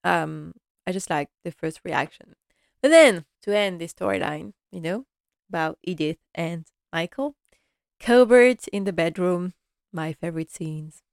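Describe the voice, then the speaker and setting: A woman's voice: on the low side, lively intonation, a little slow, gravelly, no echo, clean studio sound. A woman chatting casually through an episode recap, laughing often and acting out the characters' lines. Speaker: series recap vlogger.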